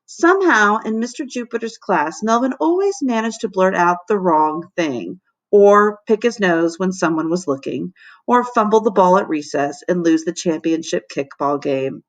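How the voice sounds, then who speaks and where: Woman, teacher, children's book read-aloud, expressive, dramatic pauses. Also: fairly low pitch. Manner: expressive, dramatic storytelling with slowed emphasis. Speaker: fourth grade teacher.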